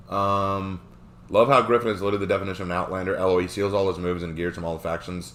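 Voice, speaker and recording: A man streaming live, reading and answering chat questions in a rambling, animated way with frequent fillers. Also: low-pitched, fast talker.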